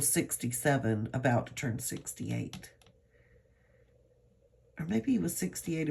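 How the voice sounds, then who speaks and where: Chatty grandmother in her sixties. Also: low-pitched. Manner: chatty, rambling, earnestly encouraging. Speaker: vlogger. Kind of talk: casual talk to camera.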